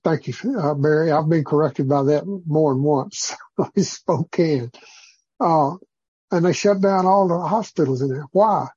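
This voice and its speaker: Man leading a church group: husky, mellow, rambling preacher style, muffled lo-fi sound. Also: a little high, normal speed, no room sound. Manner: rambling, preacherly, with many fillers. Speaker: group leader. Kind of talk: informal church group teaching.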